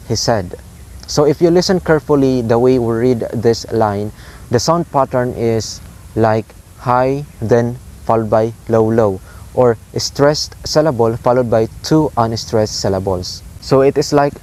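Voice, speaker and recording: A man giving a recorded lesson on poetic meter, explaining slowly and sounding out stress patterns. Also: medium pitch, darkish tone. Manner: slow, careful explanation, repeating stress patterns aloud. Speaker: teacher.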